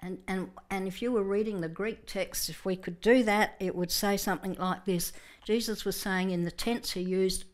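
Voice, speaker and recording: A woman's voice: medium pitch, normal speed. A woman preacher telling a Bible story vividly in a Sunday sermon, with frequent restarts.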